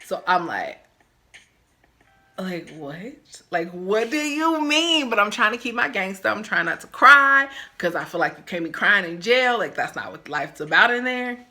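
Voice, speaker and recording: A woman vlogger telling a storytime about a stay in jail, animated and acting out the voices of the people she quotes. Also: medium pitch, brisk, few pauses. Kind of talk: storytime vlog.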